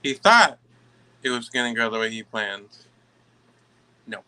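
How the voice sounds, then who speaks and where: A man giving a tarot reading to camera, emphatic and halting, often stopping to restart his sentences. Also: lowish voice, level tone, bright, forceful tone, clear, resonant tone, low-quality recording. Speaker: tarot reader.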